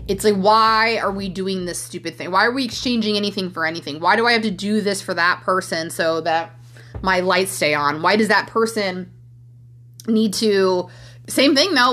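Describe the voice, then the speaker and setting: A woman's voice: mid-range voice, bright, forceful tone. Candid woman musing aloud on a podcast. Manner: candid, rambling, emotional, many fillers. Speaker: podcast host and coach. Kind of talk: casual solo podcast monologue.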